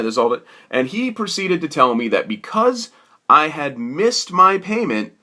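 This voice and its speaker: Male storyteller, animated and exasperated, bright lively delivery, rambling comic anecdote. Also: fairly low pitch.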